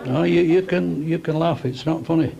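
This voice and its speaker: A man's voice: on the high side, moderate pace, creaky, dull audio. A man giving a comic after-dinner speech, telling bawdy stories with stammering restarts. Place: crowded dinner hall. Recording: noisy banquet room with crowd.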